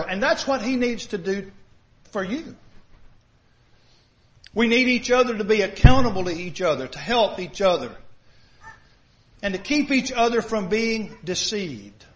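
In a high, fairly bright voice, a male pastor preaches expressively but a little slowly, pausing often. His sermon is conversational and full of rhetorical questions for the congregation. The sound quality is dull and lo-fi.

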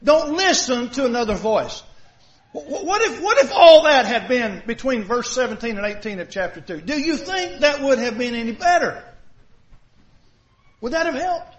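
A man's voice: extremely high pitch, very animated, moderate pace. A male pastor giving a sermon, preaching in a conversational way and asking the congregation many rhetorical questions. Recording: dull lo-fi recording.

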